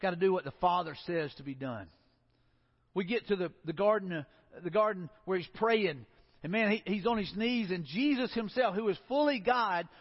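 Male pastor, earnest sermon delivery, high voice, dull sound with long reverb. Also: slightly rough. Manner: earnest preaching, drops low and soft for emphasis. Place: church sanctuary.

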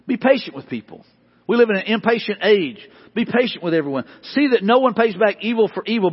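A man's voice: sits high, slightly rough. A man preaching a sermon as pastor, earnest and emphatic, repeating his points. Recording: dull sound with long hall reverb.

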